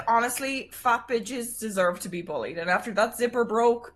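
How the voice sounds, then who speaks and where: A young-sounding woman talks in a slightly high voice. Her manner is blunt and teasing, and she swears freely in casual livestream chat. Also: normal speed. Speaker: guest.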